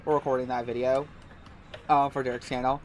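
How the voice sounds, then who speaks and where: A man's voice: medium pitch, little pitch movement, brisk, darkish tone, a little hiss or hum. A man playing a game and chatting with friends on voice chat, joking and rambling through stories. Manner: jokey, rambling storyteller. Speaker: gamer chatting while playing. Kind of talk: casual voice chat.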